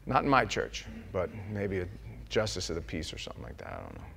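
A man's voice: low voice, wildly swooping pitch, fast, gravelly, a bit bright, slight background noise. A man preaching a sermon in church, earnest and conversational, acting out the voices he quotes.

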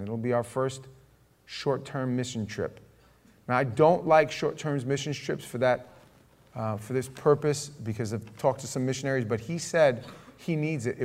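A middle-aged man preaching a sermon, telling a story with lively acted-out dialogue. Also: mid-range voice. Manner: storytelling, animated, acts out dialogue. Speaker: pastor.

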